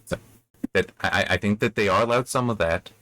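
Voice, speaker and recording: Low-voiced guy reading a novel out loud and rambling on about it, dry close sound. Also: brisk, no echo. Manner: rambling, self-correcting asides. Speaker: book reviewer. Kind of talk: reading aloud and commenting on a novel.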